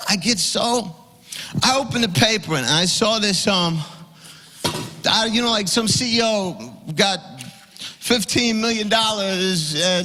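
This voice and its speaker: A man doing a stand-up comedy set on stage, ranting and swearing, and getting loud on his punchlines. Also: very high voice, in a large hall, a little hiss or hum. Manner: ranting, profane, rising to shouts on punchlines.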